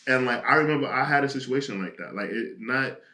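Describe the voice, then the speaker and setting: A man's voice: medium pitch, fast, echoey room. A young man co-hosting a casual talk show, telling stories with lots of fillers and acting out friends' lines. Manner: animated storytelling, acts out friends' voices. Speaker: podcast co-host. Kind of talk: casual chat.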